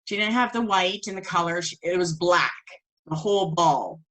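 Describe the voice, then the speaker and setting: Lower-voiced woman telling a personal story. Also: moderate pace, rough recording. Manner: animated, acts out quoted voices. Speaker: spiritual teacher.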